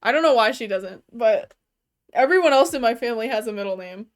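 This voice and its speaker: A woman's voice: a little high, expressive, fairly quick. A young adult woman chatting casually from her bedroom while streaming a game, talking loosely and swearing freely, with lots of "like" fillers. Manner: loose and profane, full of "like" fillers. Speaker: gaming streamer.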